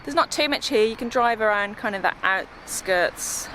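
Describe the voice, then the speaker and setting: A woman's voice: mid-range voice, lively intonation, normal speed, pushed and bright, a little hiss or hum. A woman vlogging casually as a pet sitter, chatting to the camera and cooing playfully at the pets. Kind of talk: casual vlog chat.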